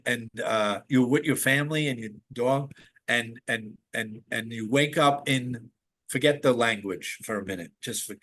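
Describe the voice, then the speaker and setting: A man chatting as a guest, telling stories in an animated, rambling way with many restarts. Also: medium pitch. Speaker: podcast guest. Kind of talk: casual spiritual conversation.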